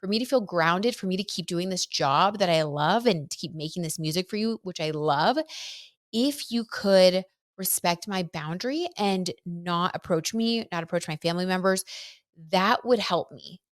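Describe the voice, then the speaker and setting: A woman's voice: lowish voice, moderate pace, dry recording, clean studio sound, natural voice. A woman voicing an overwhelmed young woman pop singer pleading earnestly and apologetically with her fans.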